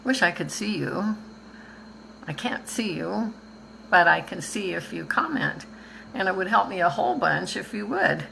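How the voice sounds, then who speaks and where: A woman's voice: mid-range voice, lively intonation, measured pace, vocal fry, a bit bright, a little hiss or hum, rough recording. An older woman from Canada, a visual artist chatting casually and rambling on a live stream, laughing easily.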